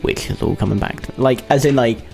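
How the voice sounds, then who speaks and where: A man's voice: medium pitch, fast talker, gravelly, darkish tone, soft background music. A British man with a lisp, chatting casually and jokily as a radio co-host. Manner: chatty, rambling, jokey. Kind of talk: casual chat.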